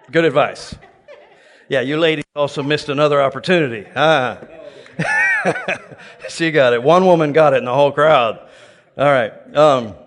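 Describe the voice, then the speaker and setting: A man preaching a sermon, telling a personal story with lively bursts of loud exclamation and laughter before a congregation. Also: on the high side. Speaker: pastor. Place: large church hall before a live congregation. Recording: long reverb of a large hall.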